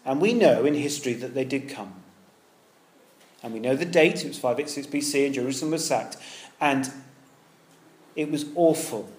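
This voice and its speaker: A man preaching a sermon in an earnest, conversational way, moving between loud emphasis and hushed tenderness. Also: medium pitch, moderate pace, pauses often, roomy sound.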